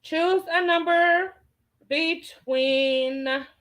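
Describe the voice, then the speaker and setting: A woman's voice: very high-pitched, very slow, fairly bright tone, rough recording. A woman hosting a casual livestream, reading viewer comments aloud and answering them with chatty, playful exclamations. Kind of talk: casual chat.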